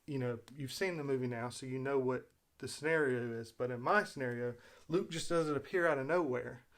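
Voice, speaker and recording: A man's voice: mid-range voice, steady tone, normal speed. A man hosting his own video, talking in a casual, rambling way as he retells a story, with fillers and restarts. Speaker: video host. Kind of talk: casual spoken commentary.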